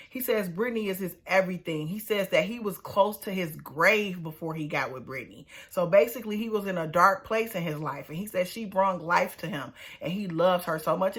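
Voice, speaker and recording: A woman giving a casual, animated review of a reality TV episode, talking in a colloquial, exclaiming way. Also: lowish voice. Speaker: reality TV recap vlogger.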